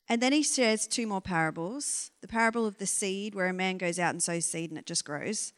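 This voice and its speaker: A woman's voice: mid-range voice, brisk, hardly any pauses, a bit bright. A woman giving an informal sermon, candid and conversational, asking frank exasperated questions. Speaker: preacher. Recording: long reverb of a hall.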